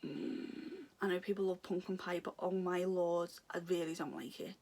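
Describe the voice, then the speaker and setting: A woman's voice: fairly low pitch, steady tone, moderate pace, a little mellow. A young woman chatting casually through an unboxing, giggly and gushing, rambling off topic. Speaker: vlogger unboxing a subscription box. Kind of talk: casual chat.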